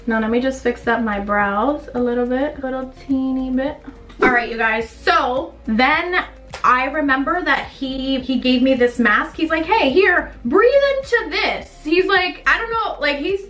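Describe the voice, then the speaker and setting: A woman's voice: high-pitched, normal speed, a bit bright, soft background music. A young woman telling a story in a chatty, slangy way while doing her makeup, as a beauty vlogger. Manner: chatty, lots of fillers and slang. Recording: echoey room, mic a bit distant.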